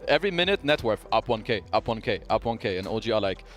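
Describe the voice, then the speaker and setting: A man's voice: fairly low pitch, big pitch swings, fast. A man analysing an esports match, casual and wry in his delivery. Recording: faint music behind.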